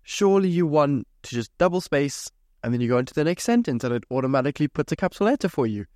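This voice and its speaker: A man's voice: fairly high pitch, very animated, fast talker, darkish tone, no room sound. Young man ranting, dry close sound. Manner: sweary, exasperated ranting. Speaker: podcast host. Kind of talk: solo casual podcast rant.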